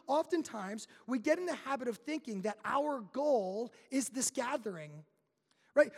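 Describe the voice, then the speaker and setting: A young adult man preaching a sermon as pastor, an animated storyteller who builds tension and then drops quiet. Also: extremely high pitch. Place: church sanctuary. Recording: long hall reverb.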